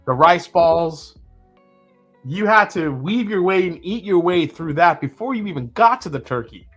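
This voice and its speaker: The host of a whiskey livestream talks at a measured pace in a high-pitched voice, faint music behind him. At his live tasting, he chats casually, reads viewer comments, and sips between fillers in a relaxed way.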